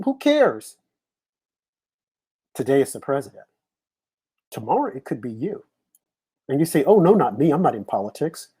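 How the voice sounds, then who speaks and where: A man's voice: on the high side, warm tone, breathy edge. A man hosting a live political talk show, opening with an impassioned monologue full of rhetorical questions. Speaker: host.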